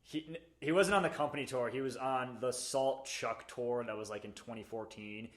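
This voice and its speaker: A man's voice: mid-range voice, moderate pace. A man guesting on a podcast, telling stories in a heated, profane way, often restarting his sentences. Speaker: guest, military veteran. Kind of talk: casual interview chat.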